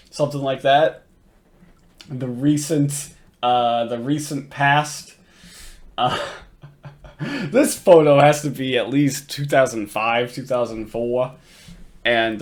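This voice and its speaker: A man giving casual reaction commentary, rambling, swearing often and laughing at the clips he plays. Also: mid-range voice. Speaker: commentary host.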